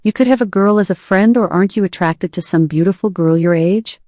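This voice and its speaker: A woman voicing a possessive older sister who pleads and insists, read in her own lowish voice. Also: fairly quick, darkish tone, dry recording, clean studio sound, close to an everyday voice. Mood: pleading. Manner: insistent, coaxing.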